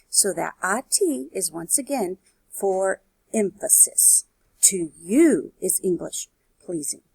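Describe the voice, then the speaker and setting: A woman's voice: medium pitch, vocal fry, darkish tone, breathy edge, no room sound. A woman teaching a Spanish grammar lesson on video, explaining step by step and checking in with "okay" and "right".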